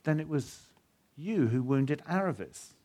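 A man voicing a frightened, self-pitying boy lost in the dark, in a high and anxious pleading tone. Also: expressive, unhurried.

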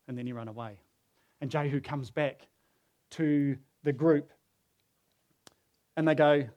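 Guy preaching a sermon, kinda high voice, tells the story casual with lots of um and you know. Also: fairly even intonation, normal speed, long pauses, a little mellow. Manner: storytelling, acts out quoted voices.

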